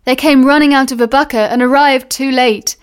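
A woman reading a novel aloud in a measured, unhurried way. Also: high voice, fairly even intonation, clear, resonant tone. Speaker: reader.

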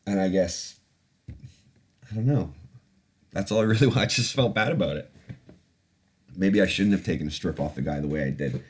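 A man's voice: deep voice, normal speed, long pauses, breathy edge. A man hosting a podcast, telling a personal story in a candid, profane, reflective way. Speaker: podcast host. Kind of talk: casual storytelling.

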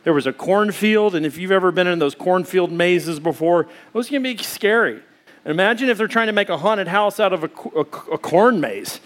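A male pastor preaching a sermon, telling a lively personal story and acting out his own screams. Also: high-pitched, normal speed.

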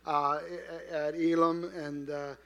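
Bright-voiced man preaching a sermon. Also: fairly high pitch, level tone, slow, clear, resonant tone, dull audio. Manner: conversational, asks the congregation questions, swings from soft to loud. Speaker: pastor.

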